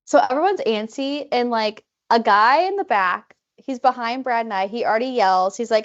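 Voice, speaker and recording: Woman, podcast co-host, casual storytelling, lots of "like", fairly high voice, dull lo-fi recording. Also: normal speed, hardly any pauses. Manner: animated, many "like" fillers, acts out quoted people.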